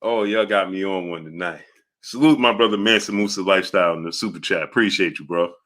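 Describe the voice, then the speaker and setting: A man's voice: low-pitched, quick pace, fairly bright tone. A man hosting a boxing live stream, greeting viewers by name and laughing hard as he reads their comments. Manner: laughs hard between phrases. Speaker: boxing channel host.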